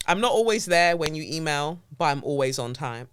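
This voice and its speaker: A woman's voice: sits low, normal speed, few pauses, clear, resonant tone, dry recording. A woman hosting a casual solo podcast from her home office, chatting playfully and drifting off topic as she talks into a close mic. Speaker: podcast host. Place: home office with window blinds up. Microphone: mic on a stand close to her face.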